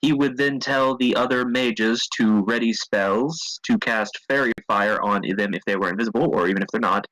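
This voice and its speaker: A man's voice: mid-range voice, moderate pace, hardly any pauses, fairly bright tone, no echo, low-quality recording. A man running a tabletop game, explaining the plan step by step over a voice call.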